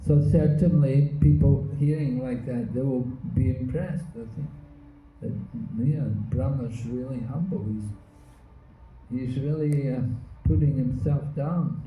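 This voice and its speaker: A man teaching a scripture class, speaking slowly and deliberately, often pausing to search for words. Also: mid-range voice, a little hiss or hum. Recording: echoey room, phone-like lo-fi sound.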